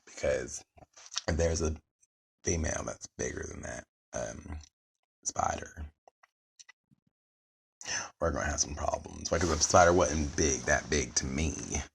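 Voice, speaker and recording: A man's voice: extremely low pitch, a little slow, gravelly, pauses often, breathy edge. A man rambling alone to camera, musing playfully and giggling between his thoughts. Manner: giggly, laughs between lines, playful and silly. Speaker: vlogger.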